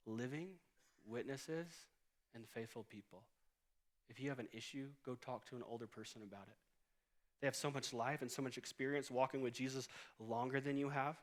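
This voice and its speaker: A man in his late thirties delivers a sermon as pastor from a church stage. He talks in a conversational, storytelling way and works humor into it. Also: medium pitch. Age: 30s.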